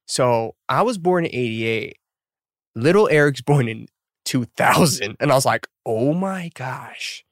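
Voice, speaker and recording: A man's voice: medium pitch, unhurried, dry recording, clean studio sound. A man in his thirties hosting a podcast in casual chat, rambling with lots of fillers and laughing at himself. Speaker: podcast host.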